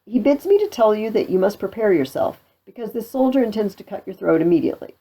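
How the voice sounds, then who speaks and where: A woman reading a quick-talking clever servant boy. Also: medium pitch, expressive, dark tone, breathy edge, poor audio. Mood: explaining. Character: young male servant boy, clever and wry.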